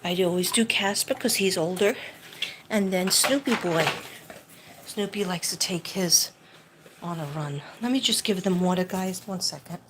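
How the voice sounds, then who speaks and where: A woman's voice: on the low side, moderate pace, background noise. A woman hosting a casual livestream from home at night, rambling and self-deprecating, laughing often and sometimes dropping to a whisper. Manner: drops to a whisper at times. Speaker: live-stream host.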